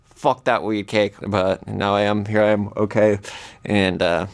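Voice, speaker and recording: Man, excitable comic storyteller, voice shoots up high at the panicked moments. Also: a little slow, smooth.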